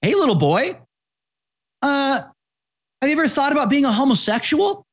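Sly creepy teacher put on by a man, high-pitched and stammering, recorded on dull lo-fi audio. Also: big pitch swings, normal speed. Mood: mocking. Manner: leering, stammering, pushy questions. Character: sly adult male teacher grooming pupils.

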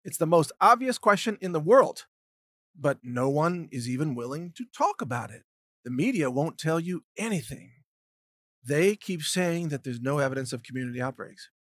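A man delivers a solo commentary rant into a close, dry mic, his voice sitting a bit higher than most men's. He sounds indignant and sarcastic, and he keeps acting out mocking imagined conversations to make his point. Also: lively intonation, moderate pace, a bit bright, no room sound. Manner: indignant, sarcastic, acts out mocking hypothetical dialogues. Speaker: commentary podcast host.

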